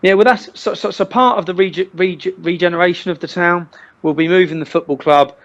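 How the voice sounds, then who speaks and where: A man from Luton, talking as an interview guest in an animated way, often restarting and repeating words. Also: high-pitched, fairly quick, highs cut off. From Luton, England. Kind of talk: casual interview chat.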